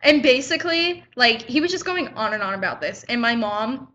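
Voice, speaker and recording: Teen girl, bright and a bit high, indignant chatty storyteller, muffled webcam sound. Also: animated, moderate pace. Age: teens. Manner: indignant, chatty retelling with quoted back-and-forth. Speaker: high school student vlogger. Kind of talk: casual vlog storytelling.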